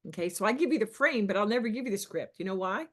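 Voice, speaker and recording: A woman's voice: medium pitch, fast. A middle-aged woman sales coach talking passionately on a podcast, asking the listener questions and acting out other people's lines. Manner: passionate, animated, rhetorical questions. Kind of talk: podcast teaching talk.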